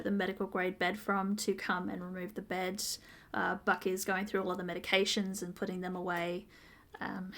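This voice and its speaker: A woman co-hosting a podcast, recapping a TV episode in a casual, detailed, step-by-step way with frequent ums. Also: medium pitch. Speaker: podcast co-host.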